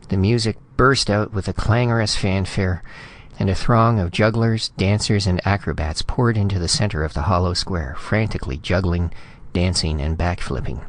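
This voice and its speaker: A man narrating a science fiction story in a steady, measured reading. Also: low-pitched. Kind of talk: scripted audiobook narration.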